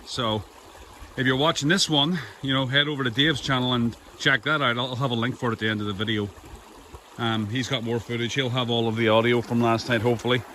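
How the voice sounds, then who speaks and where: Bright Irish man chatting outdoors. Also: mid-range voice, a little hiss or hum. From Ireland. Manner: easygoing, chatty, laughs often. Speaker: podcast host. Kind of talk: casual outdoor vlog chat. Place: outdoors in wooded mountains.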